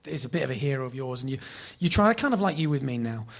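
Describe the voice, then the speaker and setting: A man in his thirties with a Greater Manchester accent, telling lively, sweary anecdotes as a podcast guest. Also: mid-range voice, fast talker, creaky, noisy background. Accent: Northern English (Greater Manchester). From Bury, England. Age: 30s. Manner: animated storyteller, swears freely, laughs often. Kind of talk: casual chat, anecdotes.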